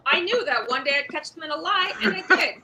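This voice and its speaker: A woman's voice: high voice, animated, quick pace, a loud crowd, rough recording. A young woman stand-up comedian doing a live-streamed set, talking in a sarcastic, rambling, conversational way.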